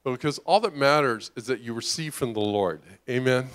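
A man's voice: mid-range voice, a little fast, fairly bright tone. A middle-aged man preaching a conversational sermon, often asking "right?" and acting out the voices of the people he describes. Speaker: pastor.

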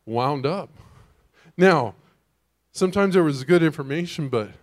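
A man preaching a sermon as pastor, talking conversationally, quizzing the congregation and often restarting his sentences. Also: medium pitch.

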